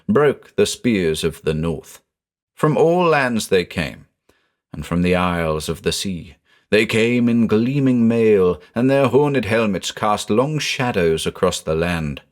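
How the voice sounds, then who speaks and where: A man reading the part of a stern, somber old woman with a deep, powerful voice and archaic speech.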